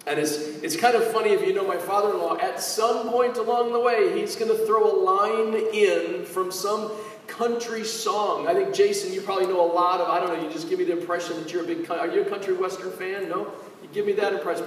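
A middle-aged male preacher with a somewhat high voice, caught from a distance in a big hall with long, echoing reverb. He rambles and slips in joking asides, and a faint noise sits behind him. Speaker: pastor. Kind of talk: sermon. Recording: echoey hall from far off.

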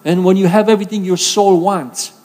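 High-voiced preacher in a reverberant hall. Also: male voice, fairly even intonation, fairly quick, a little mellow. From Romania. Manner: earnest, conversational preaching with emphatic scripture reading. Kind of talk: sermon.

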